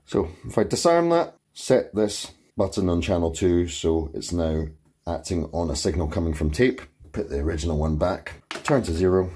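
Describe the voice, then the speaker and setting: A man's voice: low-pitched, warm tone, slightly rough. A man hosting a tutorial and methodically explaining each control step by step in his home studio. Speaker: tutorial host.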